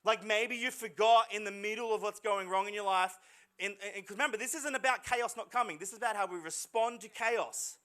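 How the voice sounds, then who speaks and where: A male pastor preaching a lively, dramatic sermon to a church congregation, with jokey asides and voices he acts out. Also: high-pitched, a little fast. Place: church service hall.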